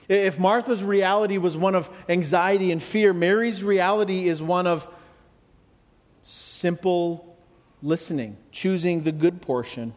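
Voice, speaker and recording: A man preaching a sermon in a conversational, reflective way with gentle humor. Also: high-pitched, a little slow, big-room sound. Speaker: pastor.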